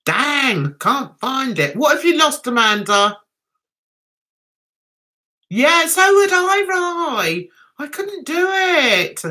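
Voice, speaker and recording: Giggly woman with a high voice. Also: very animated, takes it slowly, long pauses, pushed and bright. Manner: chatty, giggly, affectionate with viewers. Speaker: livestream host. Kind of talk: casual livestream chat reading viewer comments.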